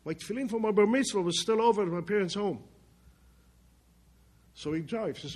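A man telling a personal story in plainspoken speech, swinging between loud emphatic bursts and quiet low passages. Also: expressive, quick pace, pauses often, slightly rough. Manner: plainspoken, with restarts and loose grammar. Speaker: speaker telling his life story.

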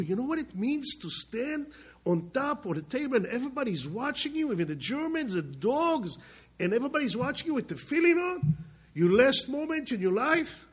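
A man speaking as a condemned male prisoner, in a raised, insistent voice with slow emphasis. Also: extremely high pitch, slightly rough, voice pushed up, heavily acted.

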